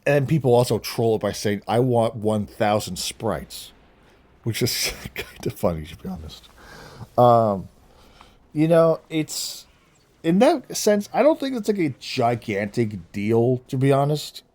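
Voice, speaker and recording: A man's voice: medium pitch, darkish tone. A young man vlogging his opinions in a casual, rambling monologue, laughing at his own jokes. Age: young adult.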